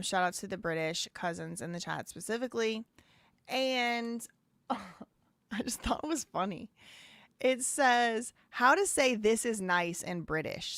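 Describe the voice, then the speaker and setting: A woman's voice: mid-range voice, a bit bright, no echo. Chatty woman hosting a live show. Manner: chatty, laughs and repeats phrases. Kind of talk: casual live-stream commentary.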